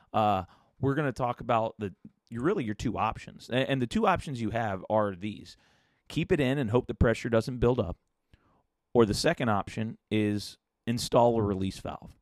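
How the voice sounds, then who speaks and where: A man's voice: fairly low pitch, darkish tone, no room sound, clean studio sound. A man hosting a solo podcast episode, talking in an earnest, reflective way and often restarting his sentences. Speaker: podcast host.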